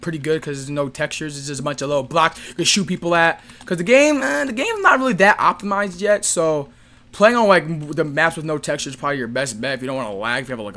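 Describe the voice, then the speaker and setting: A young man giving casual, excitable gameplay commentary full of slang, with game gunfire behind him. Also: on the high side. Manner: excitable, yelling at enemies, slangy. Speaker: gaming YouTuber.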